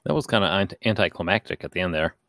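A man's voice: sits low, very fast, fairly bright tone, no echo, clean studio sound. A man hosting a casual podcast chat, jokey and swearing now and then as he leads the show. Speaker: podcast host.

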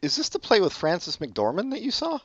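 A man co-hosting a podcast, dropping wry, quick interjections. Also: high voice, huge pitch swings, a bit bright, no echo. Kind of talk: casual chat. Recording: dry, slightly dull podcast audio.

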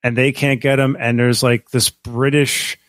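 A man with a mid-range voice tells a story on a casual podcast. He talks in a lively, excited way, swears freely and often restarts his sentences. The sound is dry and close, with no room sound. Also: mid-range voice, a little slow, dry recording. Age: adult, married. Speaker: podcast co-host. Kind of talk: casual chat.

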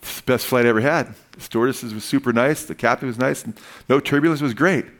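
A man's voice: medium pitch, fast, lightly acted. A man voicing an enthusiastic male traveler who is pleased with his trip. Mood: delighted. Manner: upbeat and enthusiastic. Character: eager, cheerful man back from a trip.

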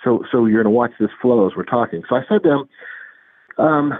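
A man's voice: mid-range voice, fairly quick, no room sound. A man talking earnestly in an interview and acting out dialogue as he tells a story. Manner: earnest, animated, acts out dialogue in retelling. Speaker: guest, anger management specialist. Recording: tinny phone line.

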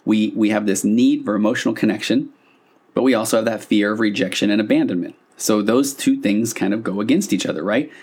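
A man's voice: fairly low pitch, a little fast, a little mellow, husky. A man who works as a couples therapist, explaining a therapy concept to listeners in a loose conversational way, with fillers and restarts.

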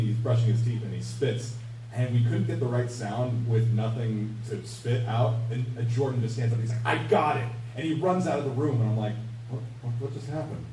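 A male voice actor telling a rambling, animated studio story on a convention panel. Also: on the low side. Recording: echoey hall, distant mic, noisy.

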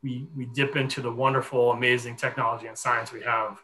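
Chatty guy in his 40s telling a story on a podcast, bright tense voice, a little background hum. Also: mid-range voice, brisk, poor audio. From Connecticut. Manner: animated, chatty storyteller with many fillers. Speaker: guest.

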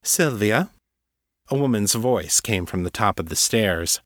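A man narrating a fantasy story as an audiobook reading, in a measured, even storytelling manner. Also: fairly low pitch, dry recording, studio quality.

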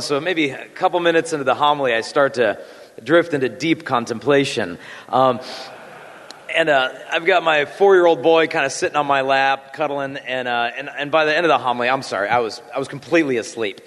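A man in his thirties leads a prayer, then speaks to the congregation in a relaxed, conversational way. He pokes fun at himself, and his sentences are full of fillers and restarts. His voice carries a long reverb, as if it is filling a large church. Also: mid-range voice, brisk. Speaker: Catholic speaker.

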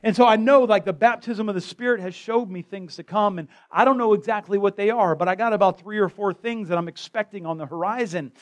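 High-voiced man preaching a sermon. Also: fairly quick, few pauses. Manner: impassioned, conversational preaching with repeated phrases. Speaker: pastor. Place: church sanctuary.

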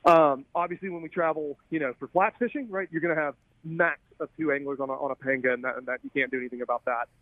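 A man's voice: on the high side, quick pace, no room sound. Southern man on a tinny phone line. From Alabama. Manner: relaxed, rambling, many restarts and laughs. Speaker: guest filmmaker. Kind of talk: casual interview chat.

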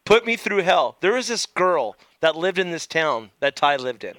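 A man's voice: fairly high pitch, normal speed, no room sound. A man telling a story in casual chat, acting out the people he quotes. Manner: animated, acts out quotes in story. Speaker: podcast host.

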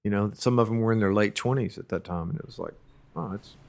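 A man's voice: fairly low pitch, fast, gravelly, darkish tone, a little hiss or hum. Rambling man telling road stories. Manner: rambling, many fillers and restarts, laughs at his own stories. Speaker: musician recalling his career. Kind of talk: casual storytelling interview.

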